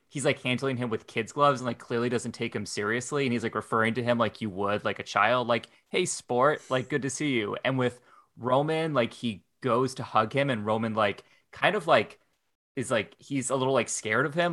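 A man's voice: medium pitch, a little fast, sharp tone. A man guesting on a podcast, talking casually and eagerly, with many fillers. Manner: eager, peppered with "like". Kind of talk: casual chat.

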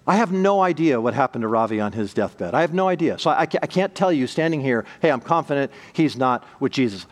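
A middle-aged pastor preaching a sermon with emphatic, repeating bursts of speech. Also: male voice, medium pitch, expressive, quick pace.

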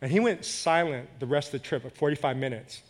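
A man's voice: on the high side, fast. A man preaching a sermon as a conversational story, self-deprecating and laughing often.

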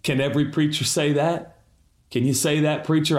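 A man's voice: a little high, fairly even intonation, moderate pace. A man preaching a sermon as lead pastor, emphatic and building to impassioned appeals. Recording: roomy echo.

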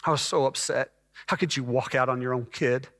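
A man preaching a personal testimony as a sermon, telling his story with hushed moments that build to loud, emphatic passages. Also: medium pitch, fairly even intonation, brisk. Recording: long hall reverb.

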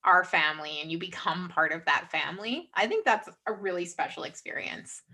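Bright, heartfelt woman chatting. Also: fairly low pitch, a little fast. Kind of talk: casual chat.

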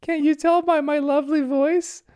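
A man voicing a cartoon dad who mimics his wife in an exaggerated, sing-song falsetto. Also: little pitch movement, normal speed, a little mellow. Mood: mock sweet.

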